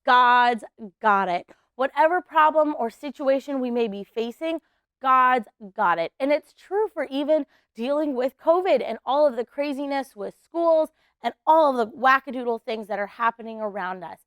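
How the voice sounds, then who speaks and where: A woman teaching preschoolers at church, telling a Bible story in an animated way and getting the kids to act along. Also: high-pitched, normal speed, clear, resonant tone, no room sound, clean studio sound. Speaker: children's ministry teacher.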